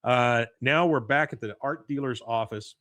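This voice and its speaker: A man hosting a podcast, casually recapping an episode in an animated way and often chuckling. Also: medium pitch, moderate pace, dry recording. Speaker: podcast host.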